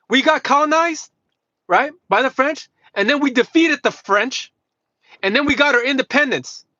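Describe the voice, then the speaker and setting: A man with a very high, sharp-edged voice delivers a furious, profanity-laced rant, jabbing and mocking as he repeats his points. He sounds close to the mic in a dead, dry space. The stream audio is dull and somewhat lo-fi. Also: no room sound. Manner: combative, mocking, swears constantly, repeats himself. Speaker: livestreamer. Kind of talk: heated profane rant to live chat.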